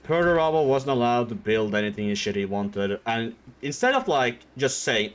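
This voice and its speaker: Rambling, animated young male streamer. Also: mid-range voice, moderate pace, hardly any pauses. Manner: rambling, heavy on filler words and swearing. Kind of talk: comedic casual retelling.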